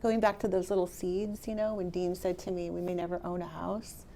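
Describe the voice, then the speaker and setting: A middle-aged woman giving a motivational real estate talk to a live audience, chatty and animated, speaking straight to the room. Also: on the low side, fairly quick, a little hiss or hum. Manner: conversational, animated, addresses the audience directly.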